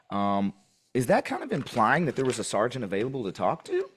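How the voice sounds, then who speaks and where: A man's voice: lowish voice, big pitch swings, normal speed. A man questioning an officer in a deposition, pointed and pressing, repeating his questions.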